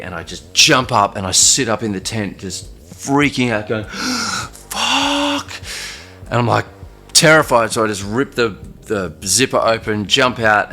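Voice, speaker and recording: Man, very low voice, loose halting storytelling, faint music underneath. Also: bright, forceful tone. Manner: loose and halting, many fillers and restarts. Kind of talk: casual first-person storytelling.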